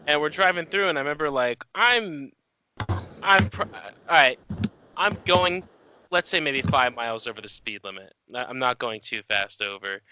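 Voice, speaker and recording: A young man with a New Jersey accent chats as a co-host. His voice is bright and smooth, and he tells stories in an animated way, with loud quoted lines. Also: medium pitch, muffled recording. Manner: animated storytelling with laughs and loud acted quotes. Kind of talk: casual chat.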